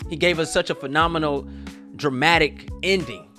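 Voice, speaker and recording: Loud playful male reaction host. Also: on the high side, moderate pace, over music. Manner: loud, playful, laughs often, makes beep-boop noises. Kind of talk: excited casual reaction chat.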